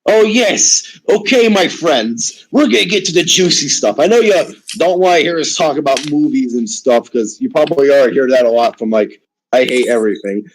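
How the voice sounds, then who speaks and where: A man's voice: medium pitch, animated, normal speed, a little hiss or hum, low-quality recording. A man hosting a casual online chat, rambling and steering the talk from topic to topic. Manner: rambling, restarts and hedges, leads the talk. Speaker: podcast host.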